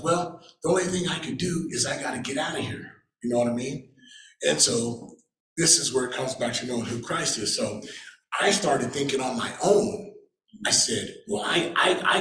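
A man's voice: medium pitch, fairly bright tone. A man giving a casual personal faith testimony, chuckling now and then and acting out what other people said. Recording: roomy echo.

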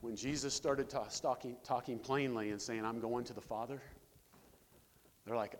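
A man preaching a sermon as pastor, animated, breaking scripture readings with joking asides. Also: medium pitch, moderate pace, slight background noise. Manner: animated, jokey asides, reads scripture with rising emphasis. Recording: long reverb of a hall.

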